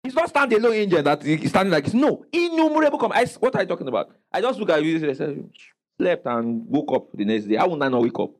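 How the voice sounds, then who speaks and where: A man's voice: fairly high pitch, very animated, quick pace, rough recording. A man preaching a sermon as pastor, calling out questions for the congregation to answer and exclaiming praise.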